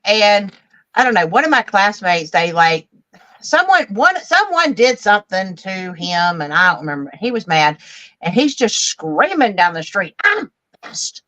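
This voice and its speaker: A woman in a casual live book chat who rambles through her stories with halting restarts. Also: medium pitch, sing-song, a bit bright, no room sound.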